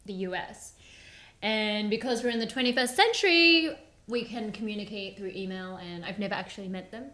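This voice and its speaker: A woman's voice: mid-range voice, fairly quick, fairly bright tone. A woman chatting casually as a podcast guest, laughing often as she tells stories about her work as a pianist. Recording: roomy echo.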